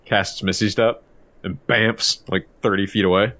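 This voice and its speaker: A man with a somewhat low voice plays a tabletop game, describing his character's moves loosely. He talks casually and hesitates with fillers. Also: fairly even intonation, a little slow, a bit bright. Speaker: player. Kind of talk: casual tabletop role-play.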